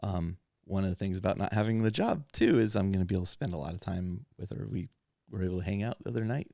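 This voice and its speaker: A man's voice: low-pitched, quick pace, gravelly, dark tone, no echo, studio quality. A man hosting a podcast, chatting casually and candidly about his hobby and life, rambling and laughing often. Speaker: podcast host.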